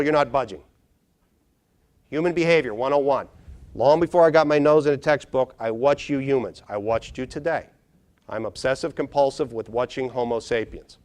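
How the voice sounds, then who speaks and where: Animated middle-aged man giving a keynote. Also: mid-range voice. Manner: animated, quizzes the audience, acts out scenes. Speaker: neuropsychologist speaker. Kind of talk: conference keynote talk. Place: large conference hall.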